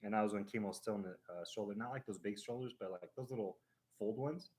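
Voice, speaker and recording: Lower-voiced man telling a rambling story. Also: fast. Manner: animated, acting out a ride with sound effects; rambling, with restarts and fillers. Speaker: host of a live stream. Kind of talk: casual chat, storytelling.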